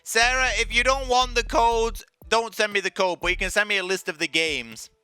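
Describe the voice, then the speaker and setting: A male streamer chatting casually with his viewers while playing a game, making quick, playful asides. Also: sits high, bright, forceful tone, clear, resonant tone, dry recording, faint music behind. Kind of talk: casual gameplay commentary.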